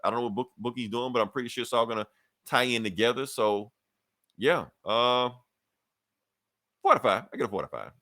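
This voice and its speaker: Male podcast host, mid-pitch, animated comic recap voice, close dry mic. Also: fairly quick, long pauses, no echo. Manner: animated storytelling, acts out characters' lines, swears casually. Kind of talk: casual comic book recap.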